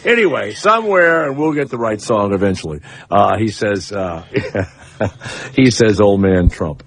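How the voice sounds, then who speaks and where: A man's voice: on the low side, expressive, unhurried, fairly bright tone, husky. A man hosting a radio show, chatting casually in a loose, rambling, crude way with plenty of fillers and restarts. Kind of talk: casual on-air banter.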